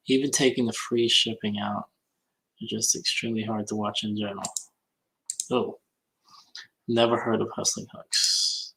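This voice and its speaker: A man with a low, gravelly voice chats casually on a livestream. He mutters to himself as he works, and keyboard typing clicks behind him. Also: flat delivery, unhurried, pauses often, pushed and bright, slight background noise, poor audio. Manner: chatty, muttering to himself while working. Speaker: reseller on a livestream hangout. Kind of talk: casual livestream chat reading comments.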